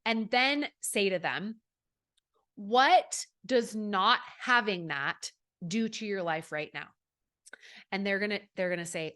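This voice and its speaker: A woman's voice: mid-range voice, expressive, normal speed, fairly bright tone. Chatty upbeat woman podcast coach. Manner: chatty, upbeat, many fillers, acts out quoted people. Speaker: podcast host and network marketing coach. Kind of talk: solo podcast teaching.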